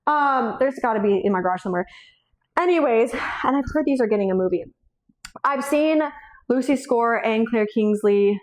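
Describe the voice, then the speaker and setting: A young woman talks through her bookshelf in a loose, rambling chat, her voice a little high. She swears freely and breaks into laughter often. She sounds tearful and shaky. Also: lively intonation, moderate pace. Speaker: book vlogger. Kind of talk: casual chat.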